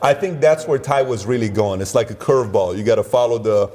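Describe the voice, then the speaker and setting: A man's voice: mid-range voice, a little fast, warm tone. A man who is a guest in a casual talk, mostly giving brief, agreeable replies. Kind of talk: casual chat.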